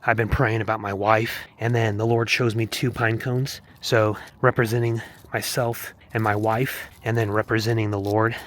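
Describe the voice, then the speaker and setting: A man's voice: on the low side, flat delivery, moderate pace, hardly any pauses, a little hiss or hum. A man vlogging while walking on a mountain trail, talking in an earnest, rambling, preachy way. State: walking, heart rate up. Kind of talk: casual walking vlog testimony.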